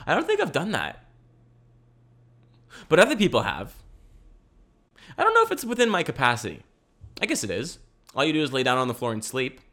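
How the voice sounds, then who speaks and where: A man's voice: fairly high pitch, wildly swooping pitch, a little fast, long pauses, a bit bright. Rambling young man podcasting. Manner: rambling, swearing, restarts. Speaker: podcast host. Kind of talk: casual solo podcast chat. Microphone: camera mic.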